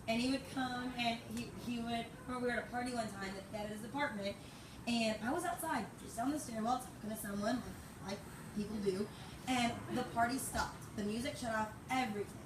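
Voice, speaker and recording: A young woman in her twenties shares a loose, rambling memorial tribute with frequent laughter. Her voice sits a little high and bounces around a roomy, echoing space. She is heard from a distance under a steady wash of background noise. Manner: rambling and anecdotal, often laughing. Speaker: friend giving a memorial tribute. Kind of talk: informal memorial speech.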